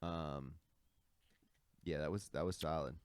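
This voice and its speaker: A man's voice: a bass voice, steady tone, unhurried, no room sound. A man co-hosting a casual podcast, telling stories animatedly and swearing casually. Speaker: podcast co-host. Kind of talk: casual group podcast chat.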